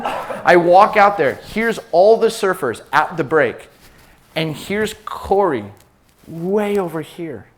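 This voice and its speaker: A man with a slightly higher voice delivers a sermon built on personal stories. He is animated and acts out the other people in them. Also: slight background noise. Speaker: pastor. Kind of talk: preaching to pastors with personal stories.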